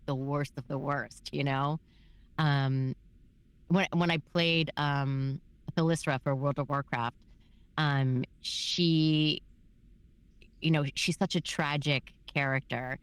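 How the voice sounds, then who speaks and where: A woman voice actor talks through her work in a casual interview. She rambles warmly with many fillers and animated asides. Her voice sits low and the sound is dry and close. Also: clean tone, no room sound. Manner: chatty, filler-heavy, animated storytelling. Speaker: voice actor guest.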